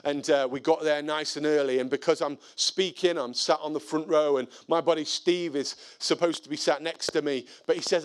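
High-voiced preacher telling stories. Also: male voice, normal speed, few pauses. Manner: animated, conversational storytelling with scripture reading. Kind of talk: sermon with storytelling.

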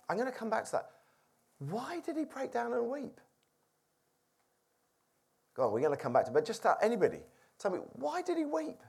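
A preacher gives an informal Bible talk to a small group, reading a passage and chatting about it. The delivery is conversational and relaxed, with frequent questions to the listeners. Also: medium pitch, brisk, vocal fry, long pauses, breathy edge. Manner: conversational, asks the audience questions.

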